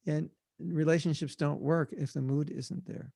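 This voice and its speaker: An American man giving a devotional seminar talk over a video call, lively, acting out short quoted voices with frequent laughter. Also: on the high side, normal speed, gravelly, husky, dry recording. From United States. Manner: animated, acts out little quoted voices and laughs often. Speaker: spiritual teacher.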